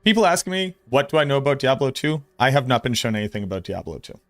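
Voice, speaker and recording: A man streaming, giving casual commentary in a blunt, excitable way and swearing freely. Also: mid-range voice, fast talker, dry recording.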